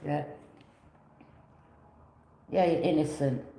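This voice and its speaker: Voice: mid-range voice, takes it slowly, dark tone, echoey room, rough recording. A tarot reader giving a casual reading, rambling, repeating phrases and offering loose alternatives.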